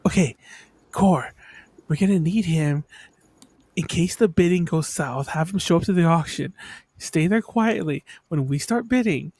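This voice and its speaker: A man's voice: on the high side, unhurried, darkish tone, husky, dry recording. A man playing a tabletop game, laying out a plan step by step. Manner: plotting, laying out plans. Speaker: player. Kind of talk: in-character tabletop role-play.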